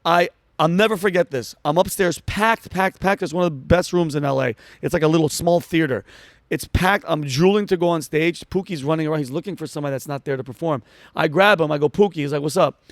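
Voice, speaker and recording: Comedian guy talking fast and hyped, kinda high voice, dry sound. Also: no echo. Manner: fast, excitable, acts out quotes with shouts. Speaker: comedian guest. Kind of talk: animated storytelling in conversation.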